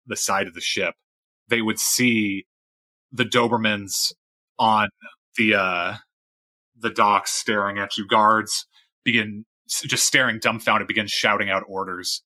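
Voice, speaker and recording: A man narrating a tabletop role-playing game as game master, in a relaxed, halting way. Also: on the low side, no echo.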